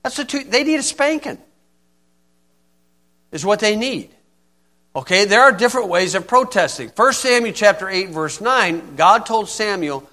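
A man's voice: high voice, expressive, normal speed, sharp tone. A man preaching an informal sermon in a folksy, blunt way, often asking "okay?".

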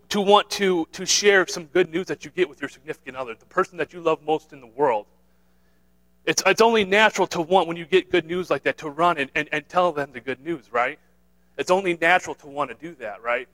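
Man preaching, earnest, lightly raised voice, halting repeats, tag questions. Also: a little high, fairly bright tone, low-quality recording. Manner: earnest, repetitive, with many restarts and "right?" tags. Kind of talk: sermon.

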